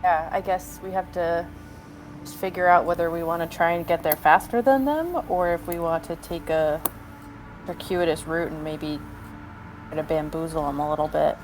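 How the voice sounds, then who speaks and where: A woman's voice: fairly low pitch, moderate pace, faint music behind, poor audio. A woman playing in a tabletop game, playful and folksy in her word choices. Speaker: player. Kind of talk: casual tabletop play.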